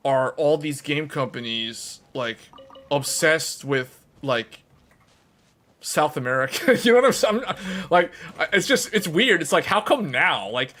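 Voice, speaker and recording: A man streaming to his viewers, chatting casually in a rambling, animated way and laughing often. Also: fairly high pitch, normal speed.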